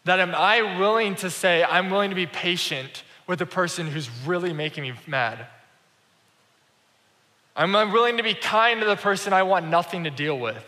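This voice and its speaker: Pastor, male, chatty storyteller sermon; bright tone, big reverberant room. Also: sits high, normal speed. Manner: conversational storytelling, acts out quoted dialogue. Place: church sanctuary. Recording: reverberant church hall.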